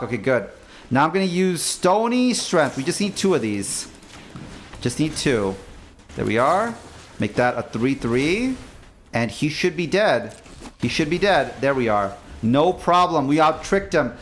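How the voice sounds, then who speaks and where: A young man streaming as a VTuber, casually narrating his moves in a card game and joking with his chat in a playful, animated way. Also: mid-range voice. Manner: playful, jokey, talks to chat. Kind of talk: casual gameplay commentary. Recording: faint music behind.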